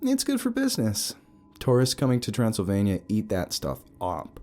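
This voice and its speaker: A male narrator voicing a brash, teasing young woman who works as a tour guide, bossy and sharp-tongued. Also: on the low side, wildly swooping pitch, normal speed, faint music behind, voice pushed up.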